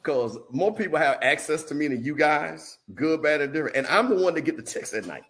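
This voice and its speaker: A man hosting a casual sports talk show, teasing his co-hosts with laughter and lively storytelling. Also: a little high, fairly quick, slight background noise. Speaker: show host. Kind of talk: casual chat.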